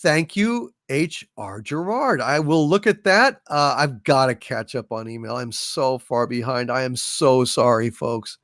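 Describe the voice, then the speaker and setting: A man's voice: mid-range voice, measured pace, hardly any pauses, fairly bright tone, dry recording, clean studio sound. A man hosting a live stream, reading out viewer super chats, playful and self-mocking, a bit tired. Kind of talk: casual live-stream chat.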